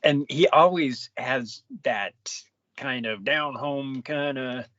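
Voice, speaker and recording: A man's voice: mid-range voice, slow pace, a bit bright. A man co-hosting a movie podcast, easygoing and agreeable, chuckling through casual chat. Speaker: podcast co-host. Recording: dry, dull lo-fi podcast audio.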